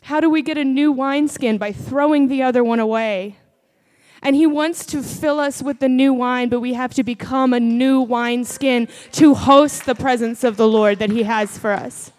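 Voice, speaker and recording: A woman delivers a sermon in a high voice. She speaks earnestly, mixing scripture with her own testimony. At times she rises into fervent prayer. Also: normal speed, darkish tone. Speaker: preacher.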